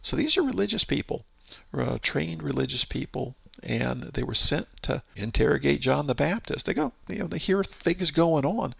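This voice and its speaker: A man's voice: a little high, expressive, moderate pace, vocal fry, husky, no echo. A man teaching through a Bible passage verse by verse in a conversational, explanatory way, often restarting his phrases.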